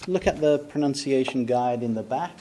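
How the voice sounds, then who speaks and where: A man's voice: mid-range voice, moderate pace, warm tone, a little hiss or hum. A man teaching an English pronunciation lesson, patiently breaking phrases into single sounds and quizzing the viewer.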